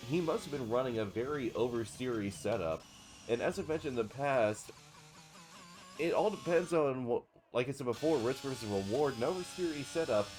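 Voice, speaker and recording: A man with a stuffy, congested voice giving live commentary on a racing game and calmly explaining car setup. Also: mid-range voice. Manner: explanatory, steady analysis. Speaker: esports commentator.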